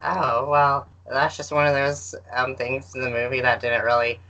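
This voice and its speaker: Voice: mid-range voice, little pitch movement, moderate pace, sharp tone, highs cut off. A podcast cohost on an online call, hesitant with many fillers and some dry sarcasm. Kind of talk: casual podcast discussion over a call.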